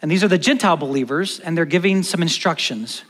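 A man preaching a sermon as pastor, animated, moving between loud stresses and hushed emphatic lines, in a church hall. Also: on the high side, fast. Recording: long church-hall reverb.

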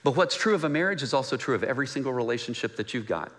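Animated preacher man, bright and lively. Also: medium pitch, racing, big-room sound. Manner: animated and conversational, joking with the congregation. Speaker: pastor. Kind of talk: sermon. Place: church sanctuary.

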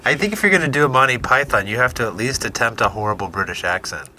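A man on a podcast chatting casually in a lively, joking manner. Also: medium pitch, quick pace, poor audio. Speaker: podcast co-host.

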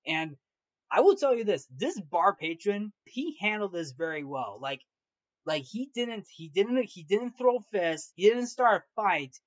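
A man's voice: sits high, big pitch swings, measured pace, dry recording. A man hosting a movie review show, recapping a film in a casual, rambling way with many restarts and fillers. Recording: dull lo-fi, dry sound.

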